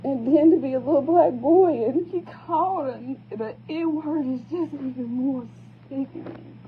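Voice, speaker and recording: An upset mother, her voice high and unhurried, pleads repeatedly while vlogging emotionally to her phone camera. The audio is tinny, with faint noise behind her.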